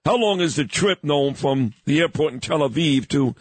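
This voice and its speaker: A man's voice: on the high side, animated, moderate pace. A man hosting a morning radio talk show, chatting casually, joking and talking sports. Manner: chatty, joking, coughing at times.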